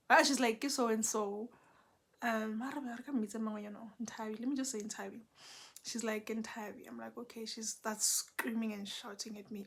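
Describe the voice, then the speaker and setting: Young South African woman, Setswana speaker, animated casual storyteller, slightly high voice. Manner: animated, code-switching, dramatic retelling.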